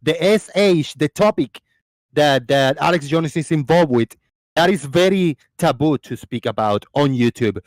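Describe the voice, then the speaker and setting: A man's voice: on the high side, lively intonation, unhurried, no room sound. A man hosting a casual live stream call, giving blunt, emphatic warnings to the chat. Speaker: host.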